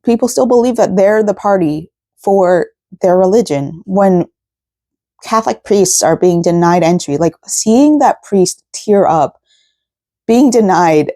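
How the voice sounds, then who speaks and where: A woman's voice: mid-range voice, expressive, measured pace, warm tone, dry recording, studio quality. A woman craft vlogger chatting casually at home at night, rambling and full of fillers. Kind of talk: casual vlog chat.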